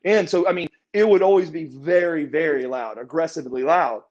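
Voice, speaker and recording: A man telling a backstage story in a casual interview, acting out other people's lines as he goes. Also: a little fast. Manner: animated, acts out quotes with raised pitch. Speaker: interview guest, former wrestler. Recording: muffled lo-fi audio.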